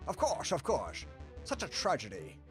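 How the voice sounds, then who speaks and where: A man's voice: fairly high pitch, huge pitch swings, normal speed, fairly bright tone, faint music behind. A man voicing a smug, wealthy male lion baron with a put-on French accent and a pompous, gracious manner.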